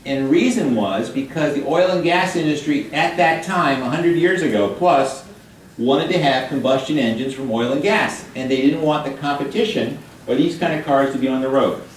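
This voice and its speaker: An older man gives a chatty, joking guest lecture to high school students in a hall or classroom, quizzing them as he goes. He speaks at a moderate pace, picked up by a distant mic in an echoey room with slight background noise.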